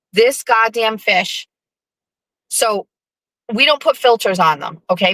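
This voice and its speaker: A woman hosting her own show, telling a profane, animated story with sarcastic asides in a casual live-stream monologue. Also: fairly low pitch, no room sound, low-quality recording. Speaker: show host.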